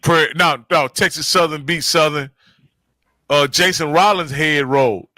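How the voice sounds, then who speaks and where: Bright-voiced man talking sports. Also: fairly high pitch, normal speed, no room sound. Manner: emphatic, repeats himself, laughs often. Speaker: sports talk panelist. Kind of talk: casual sports talk.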